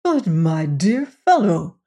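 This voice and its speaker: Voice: mid-range voice, lively intonation, darkish tone. A reader putting on a suave, menacing Cossack general. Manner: courtly, unhurried, drawn-out phrasing. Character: suave menacing aristocratic Cossack general, middle-aged man. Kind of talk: audiobook character reading.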